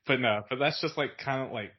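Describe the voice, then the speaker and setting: Muffled audio carries the medium-pitched voice of a young Virginian appearing as a podcast guest. It's a casual storytelling chat in which he rambles, laughs through his stories and leans heavily on "like" as filler.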